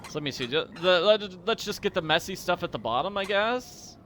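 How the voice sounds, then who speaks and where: Goofy, bright-voiced man playing a game. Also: high voice, animated, brisk, a little hiss or hum. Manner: goofy, rambling and self-deprecating. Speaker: let's-play host. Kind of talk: casual gameplay commentary.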